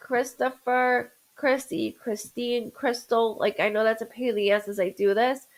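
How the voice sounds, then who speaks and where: A woman's voice: on the high side, fairly even intonation, moderate pace, poor audio. A woman doing a live-streamed psychic reading as a medium, rambling with stammered restarts and greeting viewers by name.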